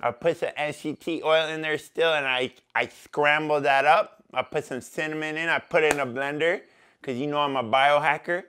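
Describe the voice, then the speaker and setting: A man's voice: fairly high pitch, steady tone, moderate pace, pushed and bright, clean tone. A man playing a boastful, goofy young rapper character with a Toronto accent, drawling and slangy in a comedic lyric breakdown. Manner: exaggerated boasting swagger. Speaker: parody rapper.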